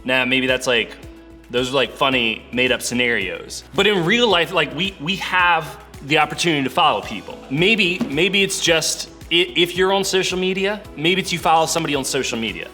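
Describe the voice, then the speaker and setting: A young man with a bright, ringing voice talks to young people in a loose, joking way, stringing thoughts together with lots of "like." Soft music runs faintly underneath. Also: on the high side, animated, moderate pace. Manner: playful, chatty, full of "like" fillers. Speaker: church youth speaker. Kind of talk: casual video talk to youth.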